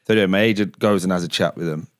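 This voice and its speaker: A man and former footballer telling a story in a casual podcast chat, swearing freely and dropping to a hush when he quotes others. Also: low-pitched, racing, dry recording, studio quality. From England. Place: basement studio.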